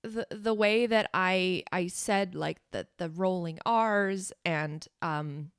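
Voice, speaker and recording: A woman with a lowish, smooth and resonant voice co-hosts a comedy podcast. She tells absurd stories with a straight, mock-tragic deadpan. The sound is dry and close to the mic. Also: slow pace, no room sound. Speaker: podcast co-host. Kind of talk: comedic casual chat.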